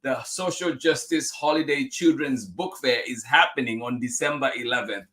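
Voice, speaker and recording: A man's voice: medium pitch, moderate pace, pushed and bright. A man hosting a children's story time, reading a picture book aloud and chatting upbeat with viewers, often laughing and thanking them.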